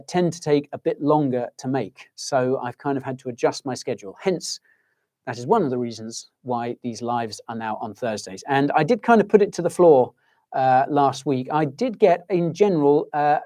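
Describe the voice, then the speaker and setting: A man's voice: mid-range voice, moderate pace, a little mellow, no room sound, clean studio sound. A man hosting a casual livestream, chatting in a rambling way and calling his viewers folks. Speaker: livestream host.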